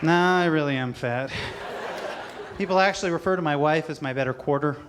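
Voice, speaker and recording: A man's voice: a little high, fairly quick, heavy background noise. A man doing a stand-up comedy set on a live stage, self-deprecating and switching between mock solemnity and bursts of energy. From not from Utah, moved there. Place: live stage before a large audience. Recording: live show with loud crowd laughter.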